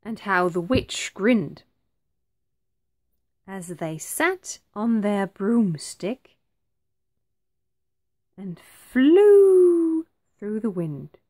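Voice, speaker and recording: Very slow, expressive woman reading a storybook. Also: medium pitch. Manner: very slow, expressive, clearly phrased. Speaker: teacher reading aloud. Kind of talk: storybook read-aloud.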